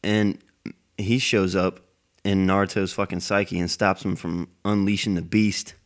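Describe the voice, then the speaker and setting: A man's voice: sits low, flat delivery, measured pace. A man rambling in a casual monologue, cursing heavily as he goes. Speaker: anime fan vlogger.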